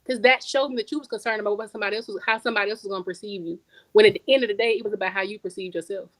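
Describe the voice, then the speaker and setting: A woman's voice: medium pitch, fairly even intonation, very fast, dry recording, rough recording. Emphatic woman author, dry close sound. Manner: emphatic, repeats words for stress; storytelling, conversational slang. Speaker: guest author. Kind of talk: casual podcast interview.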